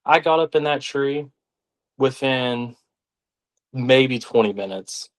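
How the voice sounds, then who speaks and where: A young man, telling stories as a podcast guest in an animated way, sometimes acting out the voices of others. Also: mid-range voice, takes it slowly. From Arkansas, United States. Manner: animated, acts out quoted voices. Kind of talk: casual storytelling.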